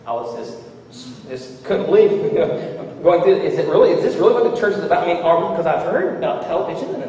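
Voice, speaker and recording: A man preaching a sermon as a story, animated and chuckling as he talks, acting out the voices of the people in it. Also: high voice, a little hiss or hum. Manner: animated, acts out quoted voices, chuckles while talking. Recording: echoey hall, from a distance.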